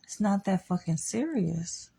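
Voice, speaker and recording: Slow, gravelly woman speaking bluntly. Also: medium pitch, expressive, mellow. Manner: blunt, swears freely, frank opinions. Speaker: vlogger. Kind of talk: candid monologue.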